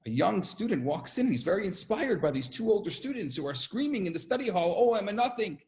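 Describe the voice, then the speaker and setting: A man, a rabbi, giving an animated storytelling lecture to students over a video call and acting out the stories. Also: high-pitched, quick pace. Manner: animated, acts out quotes, repeats for emphasis.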